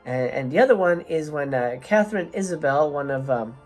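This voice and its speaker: A woman's voice: low-pitched, lively intonation, a little fast, darkish tone, faint music behind. Sarcastic woman ranting, swearing freely. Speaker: movie reviewer, channel host. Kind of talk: profane ranting film review.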